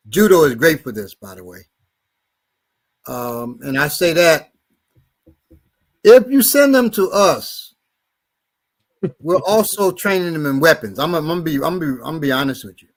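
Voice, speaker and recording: A middle-aged man hosting a podcast, telling stories in a blunt, profane, animated way. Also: fairly high pitch, moderate pace, pauses often. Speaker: podcast host and martial arts instructor. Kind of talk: casual storytelling chat.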